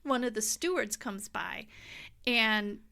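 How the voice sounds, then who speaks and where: A middle-aged woman, a guest in casual conversation, telling a story in an animated way, laughing often and acting out what people said. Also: on the high side, slow pace, vocal fry.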